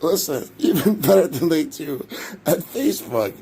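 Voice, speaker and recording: A man ranting on a livestream, swearing freely and cracking himself up as he goes. His voice sits on the higher side, and there's a faint hiss of ambience behind him. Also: expressive, normal speed. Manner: profane ranting, keeps breaking into laughter. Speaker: livestream host.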